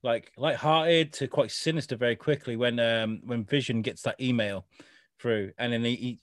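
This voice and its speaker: A man's voice: mid-range voice, moderate pace, no room sound. Man co-host, casual, swears freely, dry close sound. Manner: swearing, animated retelling with quoted voices. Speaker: podcast co-host. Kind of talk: casual chat.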